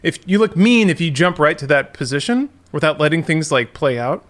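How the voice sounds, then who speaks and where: A man in his thirties with a somewhat raised voice, thinking aloud in a relaxed podcast conversation. He wanders through his points, restarting sentences as he goes. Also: fairly high pitch, a little fast. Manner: rambling, musing, self-correcting. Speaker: podcast co-host. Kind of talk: casual chat.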